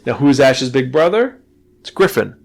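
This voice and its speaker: A man hosting a podcast, casually retelling a manga plot in an animated way, with swearing and frequent stumbling restarts. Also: medium pitch, moderate pace, creaky. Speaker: podcast host and manga reviewer.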